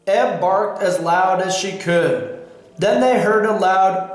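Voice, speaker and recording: A man reading a children's storybook aloud for learners, slow and deliberate. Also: sits high, lively intonation. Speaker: storybook reader. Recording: very echoey room.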